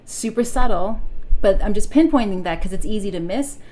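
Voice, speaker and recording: A woman's voice: medium pitch, lively intonation, normal speed, mellow, slight background noise, poor audio. A young woman voice coach giving a chatty singing lesson, explaining lines and now and then singing them to demonstrate. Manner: breaks into sung demonstrations between explanations.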